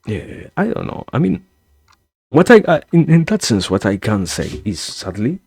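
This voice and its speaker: A man with a low, gravelly voice that swings widely in pitch as he thinks aloud on a live stream. He muses in a wry, halting way, restarting and correcting himself often. The sound is dry and close. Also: wildly swooping pitch, darkish tone, no echo. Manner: musing, wry. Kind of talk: rambling philosophical monologue. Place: home streaming setup.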